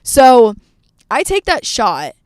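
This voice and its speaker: Young woman, storytime vlog, smooth clear voice, dry close sound, rambling and candid. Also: fairly high pitch, huge pitch swings, takes it slowly, no room sound. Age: 20s. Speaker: vlogger.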